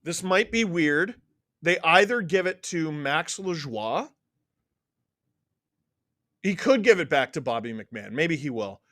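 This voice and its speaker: Guy hosting a live stream, kinda high voice, hyped and sweary. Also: dry recording, studio quality. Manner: excitable, swears freely, rattles off names quickly. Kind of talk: live watchalong stream chat, reading out viewer names.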